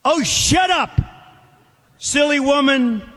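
A man's voice: very high voice, slow pace, fairly bright tone, long reverb tail, pitched above the performer's own voice, exaggerated voice. A man reciting as a sly vicious snake. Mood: mocking.

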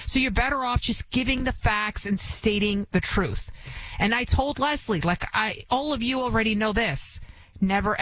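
A woman's voice: medium pitch, a bit bright, rough recording. A woman with a Bronx New York accent, who did not grow up speaking English, hosting a talk radio show in a chatty, emphatic monologue full of restarts. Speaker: guest radio host.

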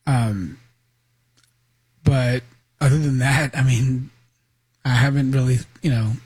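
A man's voice: mid-range voice, slow pace, darkish tone, husky, no room sound, low-quality recording. A man on a talk radio show answering casually and hesitantly, with many fillers.

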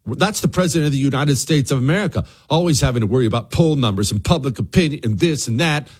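A husky-voiced man hosting a talk radio show, pitched mid-range. He delivers a fired-up political monologue, turning straight to his listeners again and again. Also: animated, fast talker, darkish tone. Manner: fired-up, direct address to listeners.

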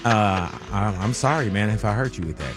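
A man hosting a radio show, coaxing his co-hosts in relaxed, joking studio banter. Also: on the low side, brisk. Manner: relaxed, coaxing, repeats catchphrases. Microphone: studio mic. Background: music.

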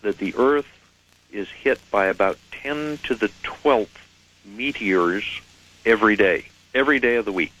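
Measured low-voiced radio guest. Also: male voice, a bit bright, muffled recording. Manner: measured, articulate, explanatory, precise. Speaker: radio guest, head of a UFO reporting center. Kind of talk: phone-in radio interview.

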